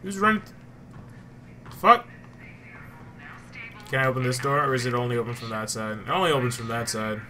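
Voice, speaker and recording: Bright-voiced young man swearing at a game. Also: mid-range voice, animated, moderate pace, pauses often, a little hiss or hum. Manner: swearing, joking, easily startled. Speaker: gamer. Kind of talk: casual gameplay commentary.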